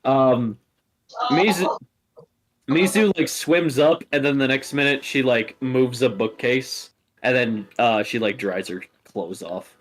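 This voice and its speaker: A man's voice: mid-range voice, takes it slowly. A man running a tabletop game as game master, narrating in a casual, rambling way with many fillers.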